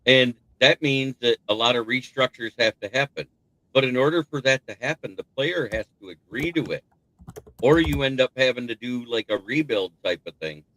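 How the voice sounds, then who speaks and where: Male sports stream host, bright, dry close sound, rambling casual chat. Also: medium pitch, moderate pace, no room sound, poor audio. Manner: rambling, thinks aloud with restarts, laughs at rival team's troubles. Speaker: sports talk show host.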